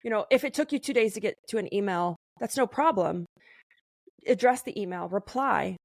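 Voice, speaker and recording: A woman hosting a conversational podcast interview, talking in an animated, emphatic way. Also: medium pitch, moderate pace, gravelly, dry recording.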